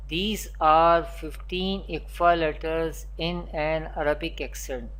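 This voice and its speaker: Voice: mid-range voice, fairly even intonation, slow pace, hardly any pauses, a bit bright. A Quran teacher giving a beginner recitation lesson, naming letters one at a time and repeating spelling drills. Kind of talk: recorded beginner pronunciation lesson.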